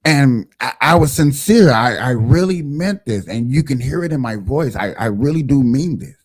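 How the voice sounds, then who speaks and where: A man's voice: mid-range voice, animated, moderate pace, no room sound, clean studio sound. A man hosting a casual livestream show, talking emphatically and directly to his viewers.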